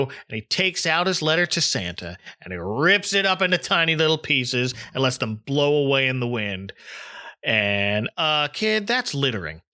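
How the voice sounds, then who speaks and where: A man's voice: a little high, big pitch swings, normal speed, sharp tone. A man from southern New Jersey hosting a podcast, casually recapping a cartoon episode in a chatty way. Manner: chatty, recaps scenes and acts out quotes. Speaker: podcast host.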